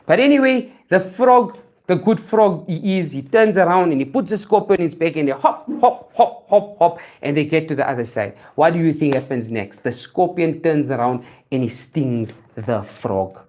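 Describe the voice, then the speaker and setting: A South African woman hosting a show, giving an earnest motivational talk. She repeats key phrases for emphasis, in a somewhat low voice. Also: animated, normal speed, darkish tone. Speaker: show host.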